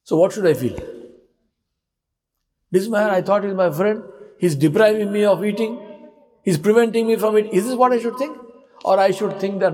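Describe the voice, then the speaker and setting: A man's voice: sits high, moderate pace, pauses often, darkish tone, slight background noise, poor audio. A man giving a sermon in a mosque, telling stories and asking rhetorical questions. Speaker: preacher.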